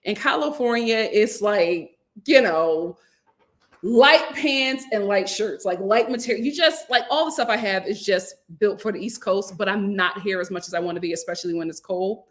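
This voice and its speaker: A woman giving casual, sassy commentary on reality TV, talking in a colloquial, animated way. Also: medium pitch, normal speed. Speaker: reality TV reviewer.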